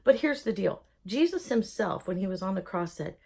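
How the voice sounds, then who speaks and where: A woman telling a personal story in a lively, joking way, acting out voices as she goes. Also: mid-range voice, moderate pace, vocal fry, breathy edge. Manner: lively, jokey, acts out voices in quotes. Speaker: vlogger telling her own story.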